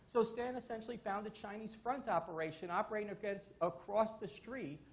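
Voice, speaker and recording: A man's voice: sits high, poor audio. A man giving a conference talk to an audience, telling casual stories with the odd curse word. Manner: casual, profane, storytelling. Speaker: conference speaker. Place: conference stage before an audience.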